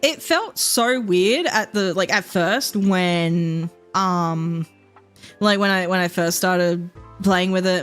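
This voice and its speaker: A young woman livestreaming a game, chatting casually and thinking out loud in a rambling, easygoing way. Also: medium pitch, measured pace, soft background music. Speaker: streamer. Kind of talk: casual gameplay chat while livestreaming.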